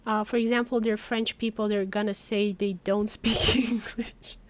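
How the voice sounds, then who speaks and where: A woman's voice: medium pitch, flat delivery, moderate pace. A woman from Romania, chatting casually on a live stream and telling stories with little laughs. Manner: chatty storytelling, laughs between words. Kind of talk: casual chat while working.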